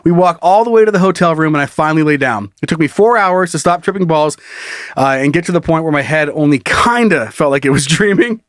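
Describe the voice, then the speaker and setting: Podcast guy reading a listener story, keeps cracking up, higher voice, dry close mic. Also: expressive, fairly quick, a bit bright, no room sound. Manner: laughs often while reading. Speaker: podcast co-host. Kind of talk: reading a listener story aloud, casual chat.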